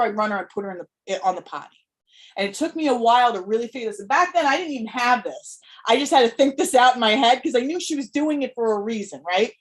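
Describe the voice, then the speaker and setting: A woman in her thirties hosting a live Q&A as a parenting coach, talking candidly and emotionally, swearing freely and checking in with "right?". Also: on the high side. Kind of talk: casual live-stream talk.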